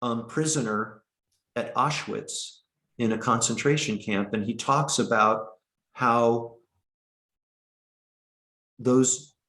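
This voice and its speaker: A man teaching an online meditation class, speaking slowly and haltingly with many restarts, over a video call. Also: medium pitch, echoey room. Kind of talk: online dharma talk.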